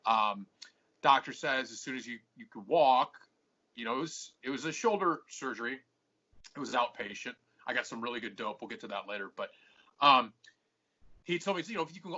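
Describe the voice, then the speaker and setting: A podcast host telling a long, profane story with a sharp, husky edge to his voice. He plays out both sides of every quarrel. The audio is muffled and lo-fi. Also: mid-range voice. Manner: swears constantly, acts out both sides of arguments.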